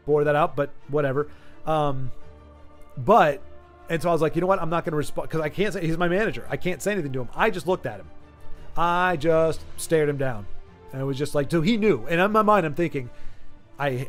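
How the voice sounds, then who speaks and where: A middle-aged man chatting casually with viewers as a gaming streamer, telling a story in an exasperated way with many restarts and repeated words. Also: on the high side. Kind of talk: casual rambling chat with viewers.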